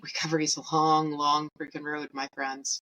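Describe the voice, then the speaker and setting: A woman's voice: low-pitched, little pitch movement, normal speed, bright, forceful tone, highs cut off. A woman in her thirties, a podcast host, telling a personal story in a candid, wry and emotional way.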